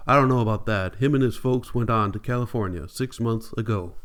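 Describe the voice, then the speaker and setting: A blunt young parolee, brooding and coarse in his country talk, as a male reader puts him on. The sound is smooth and resonant, at a middle pitch for a man, like a storybook reading. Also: a little fast, fairly bright tone, close to an everyday voice. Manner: blunt, coarse rural dialect.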